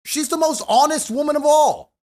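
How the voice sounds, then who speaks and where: A man ranting forcefully and profanely in a heated podcast debate. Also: very high-pitched, moderate pace. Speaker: podcast guest.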